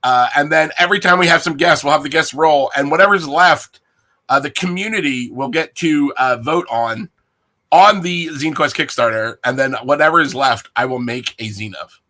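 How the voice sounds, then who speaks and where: A man's voice: fairly high pitch, moderate pace, sharp tone. A man hosting a casual stream, playful and rambling, joking with his guest. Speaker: host. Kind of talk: casual livestream chat.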